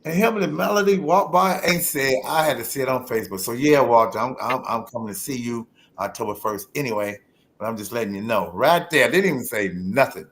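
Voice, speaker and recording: A man hosting a podcast interview in a casual, animated way, often laughing and calling out to listeners. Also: mid-range voice, fairly quick. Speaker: podcast host.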